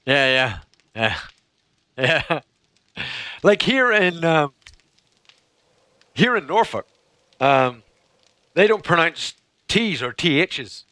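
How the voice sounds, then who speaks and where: Lively, bright-voiced Northern Irish man. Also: a little high, slow, pauses often, no echo. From Northern Ireland. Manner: animated storyteller, laughs often, repeats phrases for effect. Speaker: live streamer. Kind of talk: casual chat during a game stream.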